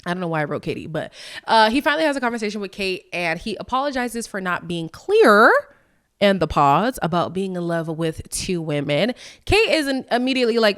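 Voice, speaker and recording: A woman hosting a podcast, chatting in a candid, sassy way with frank asides to her listeners. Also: clear, resonant tone. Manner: lively, with quick jumps in pitch. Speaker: podcast host. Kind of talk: casual recap chat.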